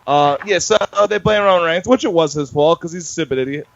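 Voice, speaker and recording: A man co-hosts a casual podcast, talking through events in a loose, rambling way that keeps circling back on itself. His voice sits a little high. The recording is dull and lo-fi. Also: fast, gravelly, dry recording. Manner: rambling, self-correcting recaps. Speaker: podcast co-host. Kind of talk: casual wrestling podcast chat.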